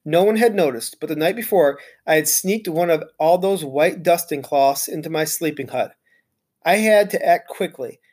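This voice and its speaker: A reader narrates a children's chapter book aloud with lively expression. The voice sits at a middle pitch and carries the story along with an engaging storytelling manner. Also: normal speed, husky.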